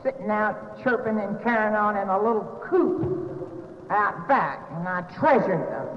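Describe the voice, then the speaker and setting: A woman's voice: mid-range voice, expressive, unhurried, a little hiss or hum. An older woman with a Southern US accent tells her recovery story to an audience with wry, self-mocking humor. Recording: dull echoey hall recording.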